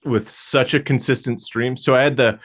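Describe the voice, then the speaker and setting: A young adult man co-hosting a podcast, chatting casually in a halting way with many restarts. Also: medium pitch, fairly even intonation. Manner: halting, lots of fillers and restarts. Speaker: podcast co-host. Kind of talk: casual chat.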